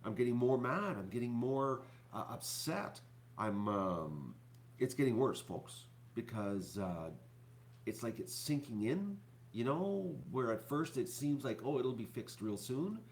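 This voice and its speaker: A YouTuber rambles to viewers on a live stream from his own channel, sounding depressed and upset, speaking haltingly with repeated words, many fillers and restarts. His voice is mid-range with lively intonation, and there's a little hiss or hum.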